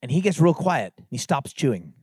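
A middle-aged man from the San Francisco Bay Area, telling a story and preaching at a youth conference in an animated, conversational way. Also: fairly high pitch, a little fast, husky, no echo, clean studio sound. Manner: animated, conversational, builds to emphatic exhortation. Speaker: conference speaker. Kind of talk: sermon-style storytelling talk.

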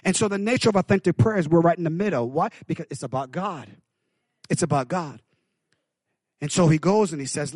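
A man preaching a sermon, with call-outs to the congregation, swinging from hushed lines to loud bursts. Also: on the high side, fairly quick, no room sound. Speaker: pastor.

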